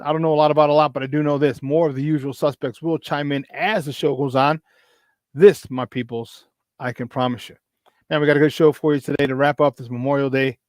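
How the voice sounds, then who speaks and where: A man hosting a casual morning sports talk show, hyped up and shouting out viewers by name, then dropping into low, tired muttering. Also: no echo, studio quality. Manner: swings between loud excitement and low, tired muttering.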